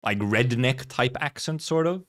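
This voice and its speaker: A man's voice: mid-range voice, expressive, a little slow, fairly bright tone. A man from Finland, streaming and chatting casually, rambling, laughing often and swearing freely. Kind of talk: casual livestream commentary.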